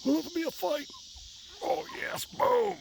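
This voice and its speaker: A man voicing a hushed nature-documentary narrator in a whispered role-play, building dramatic suspense outdoors by a river. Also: extremely high pitch, lively intonation, measured pace, vocal fry, a little hiss or hum, voice pushed up, exaggerated voice. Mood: suspenseful.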